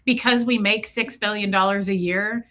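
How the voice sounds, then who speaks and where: A woman hosting a casual livestream, chatty and joking, who greets her viewers by name; her voice is slightly hoarse. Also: medium pitch, fairly even intonation, normal speed, bright, forceful tone. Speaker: livestream host.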